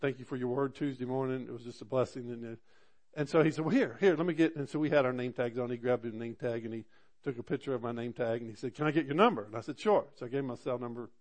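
A man's voice: medium pitch, fast talker, darkish tone. Earnest preacher man. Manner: earnest and conversational, rising to fervent emphasis. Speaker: pastor. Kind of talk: storytelling sermon.

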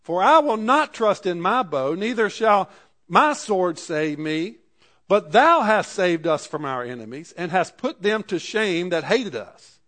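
A man's voice: high-pitched, very animated, measured pace, fairly bright tone. A man preaching a sermon, reading scripture aloud and explaining it in everyday words. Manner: reads scripture aloud and paraphrases it in plain speech.

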